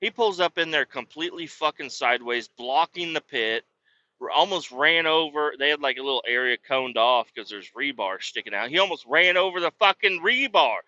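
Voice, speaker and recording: A man's voice: fairly high pitch, expressive, moderate pace, bright, forceful tone. A man hosting a podcast, telling a work story in casual, exasperated, profane rants. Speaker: podcast host. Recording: dull lo-fi podcast audio.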